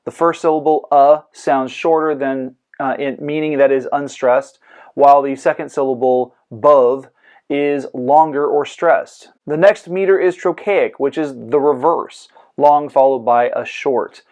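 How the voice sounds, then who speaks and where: A man with an average-pitched voice hosts a scripted lesson on poetry. He explains terms in a clear, measured lecturing tone. He lets playful jokes slip in between the definitions. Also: a little mellow. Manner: clear lecturing with goofy comic asides. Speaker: host. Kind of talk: scripted educational podcast.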